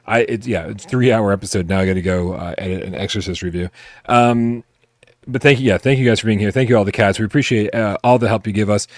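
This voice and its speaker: Low-voiced laid-back guy hosting a podcast, dry close sound, casual cussing. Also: quick pace, dry recording. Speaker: podcast host. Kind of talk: casual live podcast chat.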